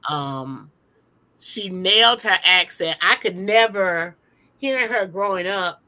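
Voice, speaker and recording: A woman co-hosting a movie review chat, talking thoughtfully with frequent pauses. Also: mid-range voice, pushed and bright. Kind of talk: casual chat.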